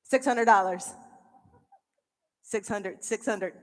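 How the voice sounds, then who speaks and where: A woman auctioneer calling bids at a charity auction in quick, repetitive, playful rounds. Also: medium pitch. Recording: reverberant event hall.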